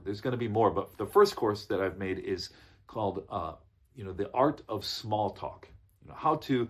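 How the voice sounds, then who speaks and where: A man's voice: fairly low pitch, breathy edge. A man coaching business English in an online lesson, emphatic and repetitive, often checking in with "okay?" and using "uh" and "you know" as fillers. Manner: emphatic, repeats key phrases, frequent "okay?" check-ins.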